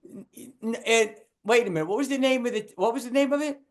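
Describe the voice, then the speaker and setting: An older man with a high-set voice spins a comedy club story, jumping into the voices of the people he describes. He talks like a veteran stand-up on a guest spot, lively and full of asides. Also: quick pace. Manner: animated storyteller, acts out the people in his story.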